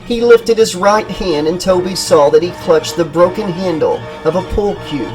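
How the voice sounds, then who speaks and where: A man narrating a horror audiobook in a steady, dramatic storytelling manner. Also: sits high, moderate pace, music in the background, poor audio. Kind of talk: scripted narration.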